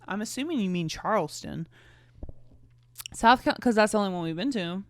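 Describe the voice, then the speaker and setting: On her podcast, a young woman reads her own old fan fiction and tears into it casually, tossing in sarcastic, giggling comments and plenty of profanity. She speaks in a mid-range voice at a normal pace, sounding animated and pausing often.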